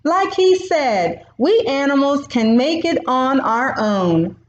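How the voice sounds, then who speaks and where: A woman's voice: high-pitched, sing-song, slow, voice pushed up, heavily acted. A woman voicing a small, cheeky male warthog who talks snappily and rudely, in a storybook reading. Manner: snappy, rude. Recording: roomy, dull recording.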